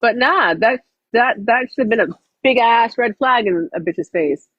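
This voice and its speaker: A woman's voice: fairly high pitch, animated, moderate pace, no room sound, highs cut off. A woman chatting casually on a livestream, blunt and full of swearing.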